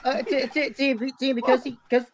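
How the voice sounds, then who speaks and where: A woman's voice: high voice, fairly even intonation, moderate pace. A woman chatting on a game stream, stammering and hesitant. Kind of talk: casual game stream chat.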